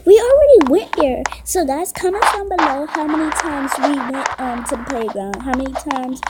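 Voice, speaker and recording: A woman giving excitable, casual commentary while playing a game, exclaiming and muttering to herself, recorded on a phone. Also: sits high, moderate pace, heavy background noise. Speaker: gameplay commentator. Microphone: phone microphone via screen recorder.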